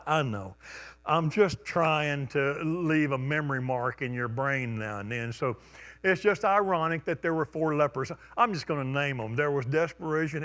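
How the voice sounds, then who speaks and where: A male pastor preaching a conversational sermon, stumbling over restarts and bursting into loud call-outs. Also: medium pitch. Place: church sanctuary.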